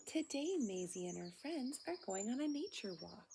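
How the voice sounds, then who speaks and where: A woman reading a picture book aloud to young children, often in a hushed, whispery voice with gasps of wonder, pointing things out and asking questions. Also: a little high, big pitch swings, normal speed, creaky, slight background noise. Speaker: children's storybook reader.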